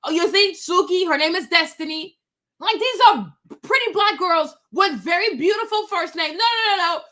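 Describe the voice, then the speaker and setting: A woman hosts a livestream outdoors, her voice high and bright. She talks in an emphatic, opinionated way and circles back to the same rhetorical questions again and again. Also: normal speed. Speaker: livestream host.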